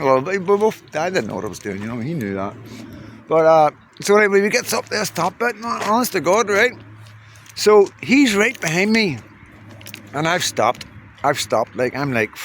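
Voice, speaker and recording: A man's voice: a little high, fairly bright tone, a little hiss or hum. A man telling a rambling, swearing story to his viewers and laughing along as he goes. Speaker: vlogger. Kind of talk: casual storytelling to camera.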